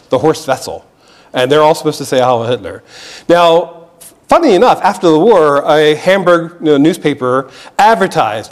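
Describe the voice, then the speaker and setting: An American man giving a public history lecture in an earnest, explanatory way, often restarting phrases and checking in with the audience. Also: fairly high pitch. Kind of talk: museum lecture. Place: lecture hall.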